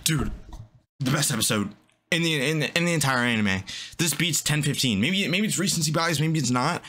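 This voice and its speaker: A young man giving excited, breathless reaction commentary, stumbling over his words. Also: fairly high pitch, a little fast. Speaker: anime reaction YouTuber.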